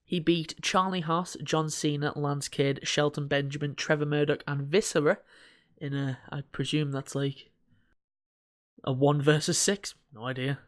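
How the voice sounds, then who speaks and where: A man's voice: fairly high pitch, steady tone, a little slow. A young man co-hosting a podcast, chatting casually, joking and swearing as he reads through lists. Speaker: podcast co-host. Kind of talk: casual chat.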